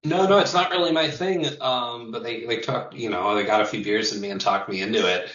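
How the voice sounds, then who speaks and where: A man's voice: medium pitch, fairly quick, a bit bright, reverberant, recorded from a distance, muffled recording. A man who sings in a touring metal band, chatting loosely in an interview, swearing and laughing as he talks. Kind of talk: casual interview chat.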